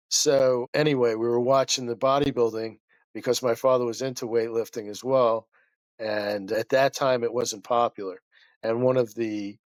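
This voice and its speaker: A man's voice: mid-range voice, dry recording. A man who is a guest chiropractor, telling a story in a rambling, passionate way that keeps interrupting itself.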